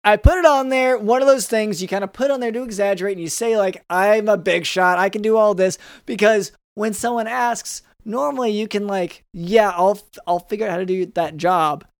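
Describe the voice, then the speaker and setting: A man's voice: sits high, moderate pace, hardly any pauses, clear, resonant tone, no echo, studio quality. A man improvising a bumbling rural doctor who hesitates, stammers and gets confused in a comedy sketch. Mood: flustered. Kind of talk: improvised comedy role-play.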